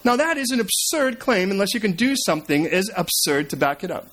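High-voiced man preaching a sermon. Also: sing-song, brisk, a little hiss or hum. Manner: storytelling with swings between emphatic and hushed delivery. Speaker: pastor.

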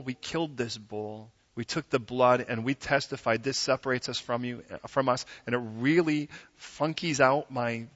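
A man preaching a sermon as pastor in a church, conversational and animated, acting out quotes in different voices. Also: medium pitch. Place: church sanctuary. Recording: dull sound with long hall reverb.

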